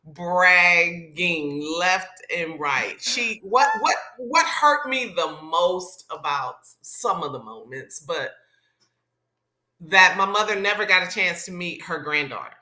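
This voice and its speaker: Woman, middle-aged, radio personality, animated storyteller, bright tone, roomy echo. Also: fairly low pitch, slow. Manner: animated storyteller who acts out the people she quotes. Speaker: radio personality, interview guest. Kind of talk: casual storytelling interview.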